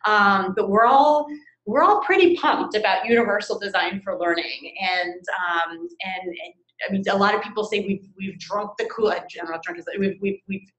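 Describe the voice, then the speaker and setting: A woman leads a friendly conversational interview, upbeat and ready to laugh. Her pitch is ordinary for a woman. The recording has a roomy echo. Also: moderate pace, a bit bright, highs cut off. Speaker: interviewer and colleague.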